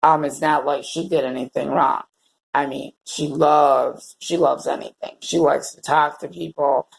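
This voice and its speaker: Guy vlogging, gravelly voice, stops and restarts a lot, real heartfelt. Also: a little high, steady tone. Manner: halting, repeats words, heartfelt. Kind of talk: personal vlog chat. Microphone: camera held or set facing away.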